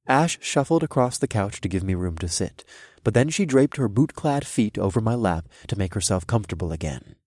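A man reading a first-person fantasy story aloud, with expressive narration. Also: fairly low pitch, a little fast, no room sound, clean studio sound. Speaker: audiobook narrator.

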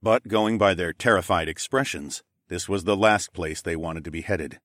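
A man reading first-person fiction aloud in an expressive, dramatic manner. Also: low voice, normal speed, no echo, clean studio sound. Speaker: audiobook narrator. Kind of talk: scripted first-person narration.

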